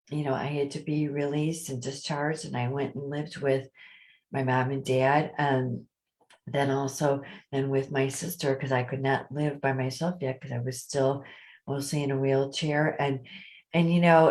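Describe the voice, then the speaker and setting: Raspy woman, low voice, chatty storyteller, interview guest. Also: darkish tone, rough recording. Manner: open, chatty storyteller who acts out quoted voices.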